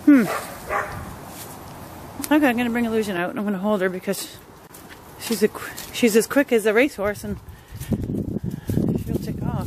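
A woman's voice: medium pitch, normal speed, long pauses, background noise. A woman chatting casually as she films a pet vlog outdoors in a front yard, in an easygoing, talkative way. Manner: chatty, easygoing, laughs often. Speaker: pet owner vlogger.

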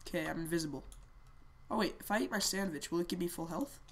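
A woman giving casual, excitable commentary while playing a shooter game, often shouting and repeating words in quick bursts. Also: lowish voice. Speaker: gamer.

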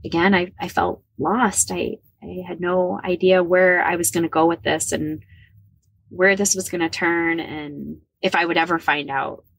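A woman's voice: on the low side, fairly even intonation, unhurried, vocal fry, husky, dry recording. A woman in her forties from the American Midwest, a podcast guest candidly telling her personal story and repeating herself when emotional. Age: 40s.

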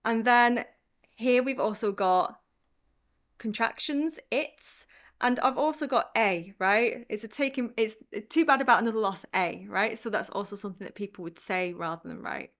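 A woman's voice: on the high side, animated, normal speed, fairly bright tone. A woman English teacher explaining writing tips in a casual, chatty video lesson.

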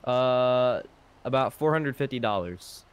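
A man's voice: medium pitch, lively intonation, slow pace, clear, resonant tone. A man playing alongside in a role-play game, answering in dry, agreeable short lines. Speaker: fellow role-play player. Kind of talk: casual role-play chat over voice chat.

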